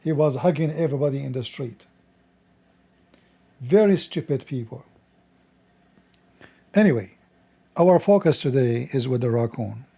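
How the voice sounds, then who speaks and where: A man hosting a scornful commentary, mocking and insulting in broken English, his voice strained and rough today. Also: mid-range voice, lively intonation, a little slow, long pauses, dark tone. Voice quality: non-native English with broken grammar. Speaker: host.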